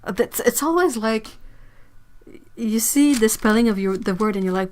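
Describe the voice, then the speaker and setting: A woman's voice: on the high side, moderate pace, a little mellow. A young woman, hosting a casual livestream chat, musing aloud and sounding out words with frequent laughs. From Quebec, Canada. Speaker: livestream host, artist.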